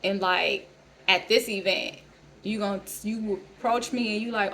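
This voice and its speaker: A woman's voice: mid-range voice, fairly even intonation, unhurried, sharp tone, slight background noise. A woman in her thirties ranting bluntly to camera in a vlog, heated and full of profanity. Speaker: vlogger. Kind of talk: casual rant to camera.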